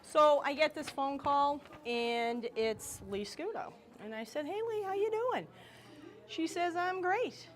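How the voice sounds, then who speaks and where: A comedian on stage playing a loud, teasing middle-aged woman with a Boston accent. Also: extremely high pitch, animated, takes it slowly, heavily acted. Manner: brassy, teasing, exaggerated. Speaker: stand-up comedian in character. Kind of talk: live stand-up character comedy on stage. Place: stage at a live telethon.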